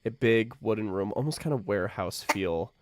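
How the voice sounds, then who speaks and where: A man narrating as dungeon master in a relaxed, laughing way, close to the mic. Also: fairly low pitch, moderate pace, background noise. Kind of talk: narrating a tabletop game.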